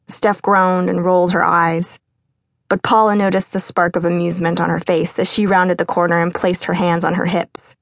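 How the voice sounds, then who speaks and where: A woman narrating a novel in a measured, even storytelling manner. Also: lowish voice, vocal fry, dry recording, studio quality. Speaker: audiobook narrator. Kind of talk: scripted narration.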